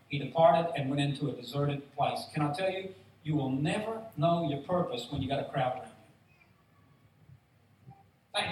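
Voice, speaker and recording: A man preaches to a congregation in a lively, storytelling way, acting out the people in his stories. His voice sits a little high for a man. The sound comes from a distant mic in a very echoey hall, with faint noise underneath. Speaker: pastor. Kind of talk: sermon. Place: church hall.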